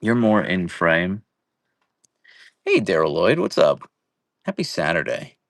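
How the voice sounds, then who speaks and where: Young man, casual live stream host, jokey and animated, low-pitched. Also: takes it slowly, vocal fry, dry recording, clean studio sound. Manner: playful, jokey, greeting viewers by name. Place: at home, indoors.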